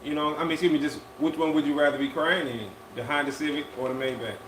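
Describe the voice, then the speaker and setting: A man's voice: fairly high pitch, steady tone, fast talker, background noise. A laid-back man chats casually on a live podcast stream, drawing out his words and circling back over his own phrases. The recording is echoey, with faint ambience behind him. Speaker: podcast co-host.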